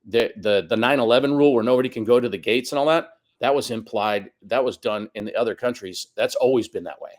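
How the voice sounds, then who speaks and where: Man in his fifties, podcast guest, chatty storyteller, mid-pitched voice. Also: fast talker, few pauses. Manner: animated storyteller, acts out quoted voices. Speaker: guest soccer coach. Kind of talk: casual storytelling interview.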